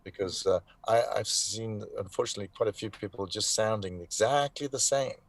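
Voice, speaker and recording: A man in his sixties from South Africa speaks in a lowish voice over a video call, the sound close and dry with no room around it. He rambles frankly, with plenty of fillers and restarts and a wry edge. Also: a little fast, dry recording. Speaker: guest voice actor. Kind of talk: casual live interview chat.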